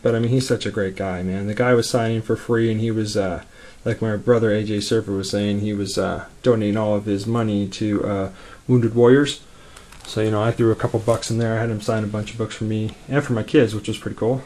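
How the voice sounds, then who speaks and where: A man casually showing his collection, rambling along quickly with lots of fillers. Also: lowish voice, steady tone, darkish tone. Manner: rambling, laid-back, many fillers; talks quickly. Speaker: comic collector vlogger. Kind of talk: casual show-and-tell.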